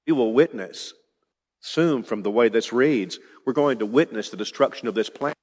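A man's voice: medium pitch, moderate pace, a little mellow, big-room sound. A man preaching an expository sermon, emphatic and building to rising declarations.

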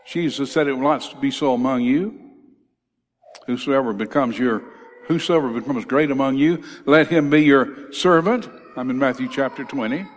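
A man preaches in a church, his voice climbing as he quotes scripture and then sinking low to land the key words. He speaks at an ordinary middle pitch, and a long reverb trails each phrase through the hall. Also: normal speed. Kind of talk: sermon.

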